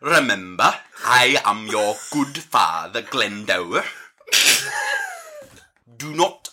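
A man's voice: fairly low pitch, animated, takes it slowly, pushed and bright, heavily acted. A man voicing a pious, menacing male dwarf prison warden with a Welsh accent, falsely fatherly and theatrical. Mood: unctuous.

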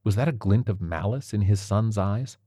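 A man with a fairly low voice reads a short story aloud in a steady, measured way. The sound is dry and close, with no room echo. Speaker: narrator. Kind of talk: scripted fiction reading.

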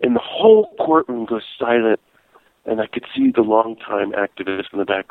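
A man telling a lively story in a casual interview, laughing as he goes. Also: on the low side, moderate pace, dry recording. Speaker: guest, peace activist and priest. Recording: tinny phone-like line.

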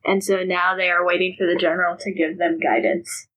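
A woman's voice: lowish voice, flat delivery, fairly quick, a bit bright, rough recording. A woman narrating as game master of a tabletop game, describing scenes casually with many ums.

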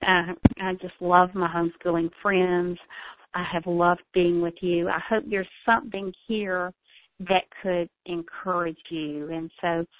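A woman's voice: lowish voice, little pitch movement, unhurried, no room sound. A middle-aged woman from South Carolina, earnest and heartfelt, telling a personal story as a guest speaker with frequent ums. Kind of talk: closing a talk with a personal story. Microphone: phone. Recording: tinny phone line, dry.

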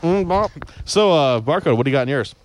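A man's voice: a little high, animated, fairly quick, a little hiss or hum. A young man hosting a casual chat, laughing a lot and quizzing each friend in turn. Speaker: host.

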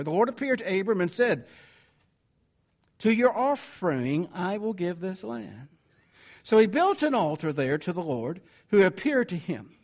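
A man with a Southern American accent preaching a conversational sermon, reading scripture and correcting himself as he goes. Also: high-pitched. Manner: animated, conversational, self-correcting. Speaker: pastor.

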